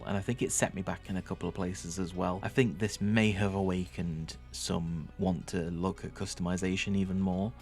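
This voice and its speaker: A young man with a Northern English accent talks over his hobby footage in a loose, joking voice-over, swearing freely and teasing his viewers. His voice sits low. Faint music plays underneath. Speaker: miniature painting YouTuber. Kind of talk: casual voice-over narration.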